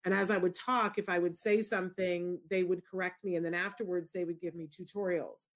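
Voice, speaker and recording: Middle-aged woman, talk show host, animated storyteller with big pitch jumps. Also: a little fast. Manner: expressive, shifts into high excited squeals when retelling. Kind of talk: animated storytelling in casual chat.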